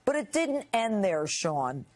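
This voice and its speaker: A woman in her sixties, a guest on a cable news interview, telling her story in an indignant, animated way. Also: medium pitch, slow pace.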